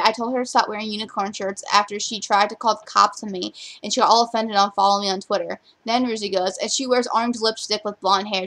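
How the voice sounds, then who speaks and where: A young woman with a voice of ordinary pitch, talking straight to her own vlog camera. She rants bluntly and swears often, reading other people's chat messages aloud in a running string of complaints. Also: fairly bright tone. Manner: blunt, profane, rapid-fire ranting. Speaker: vlogger.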